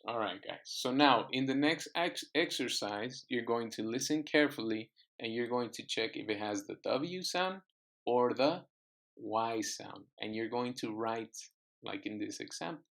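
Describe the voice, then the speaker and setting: A man's voice: medium pitch, lively intonation, unhurried, gravelly, a bit bright. A man teaching an English class, patiently repeating words and phrases for his students to echo. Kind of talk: online classroom lesson.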